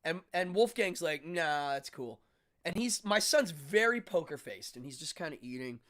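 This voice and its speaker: Animated middle-aged man telling stories. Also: fairly high pitch, normal speed. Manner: animated storytelling, acts out dialogue, frequent restarts. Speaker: livestream host. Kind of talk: casual chat with live viewers.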